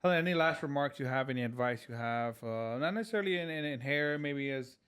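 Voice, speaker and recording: A male podcast host with a smooth, resonant voice at a middle pitch. He talks in a relaxed, unhurried way, pausing on "um" and "uh". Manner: relaxed, hesitant, filler-heavy. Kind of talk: casual podcast interview.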